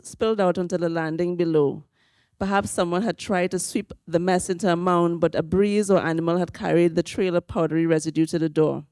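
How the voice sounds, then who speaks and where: A woman reads a memoir passage aloud at a measured pace. Her voice is low and mellow, with a dry, close sound. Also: dry recording. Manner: measured, even reading. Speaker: author. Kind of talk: reading from a memoir. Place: library event hall.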